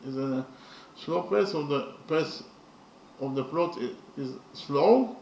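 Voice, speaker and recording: Slow gravelly man lecturing from afar. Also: a little high, animated, darkish tone. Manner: deliberate, repetitive, with hesitant fillers. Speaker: literature lecturer. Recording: roomy, from a distance, faint noise.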